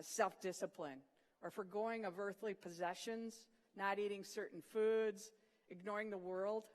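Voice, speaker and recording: A preacher giving an earnest sermon, retelling scripture vividly and dropping to a soft voice for emphasis. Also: medium pitch. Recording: long reverb of a large hall.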